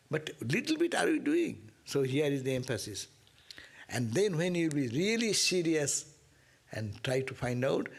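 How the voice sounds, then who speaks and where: A monk teaches a scripture class, working through Sanskrit verses and checking in with "no?" and "huh?". His voice is somewhat high for a man, gravelly and a little husky. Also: big pitch swings, unhurried. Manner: explains Sanskrit verses line by line, with frequent rhetorical "no?".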